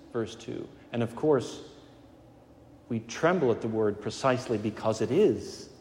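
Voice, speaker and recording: A man preaching a Sunday morning sermon as pastor, earnest and emphatic, slowing to stress key words and speeding through asides. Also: medium pitch, a bit bright, a little hiss or hum. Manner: earnest, emphatic, varies pace between slow stresses and quick asides. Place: church sanctuary. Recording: long hall reverb.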